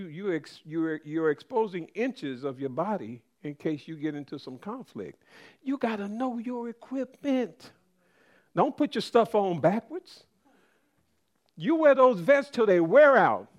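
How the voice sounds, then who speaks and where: High-voiced man preaching a sermon. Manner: conversational preaching, calls to the congregation.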